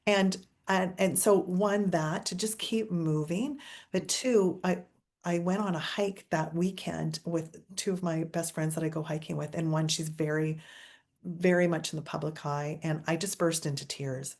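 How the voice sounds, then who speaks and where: A woman hosting a podcast interview, telling stories in an animated, exclamatory way. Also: on the low side, normal speed. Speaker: podcast host. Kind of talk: casual interview chat.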